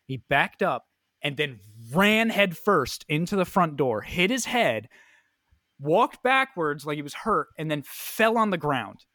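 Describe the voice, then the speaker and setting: Young man, casual chat, animated profane storytelling, brisk bright tone, slightly high voice. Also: no echo.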